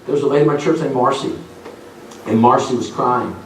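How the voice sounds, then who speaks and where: A middle-aged man preaches a revival sermon in a church sanctuary, telling folksy stories and acting out voices in a mid-range voice at a slightly fast pace. A distant mic captures the roomy hall along with a little hiss or hum.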